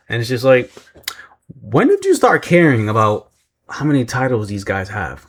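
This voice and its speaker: A man's voice: mid-range voice, very animated, normal speed, slightly rough. A man casually recapping a wrestling show, rambling and poking fun at himself, sometimes mimicking the people he describes. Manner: rambling, self-deprecating, mimics voices when retelling.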